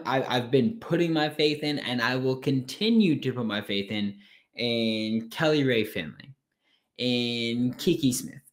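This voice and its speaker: A man with a mid-range voice hosts a late-night sports podcast, talking casually in an animated, frank way and swearing now and then.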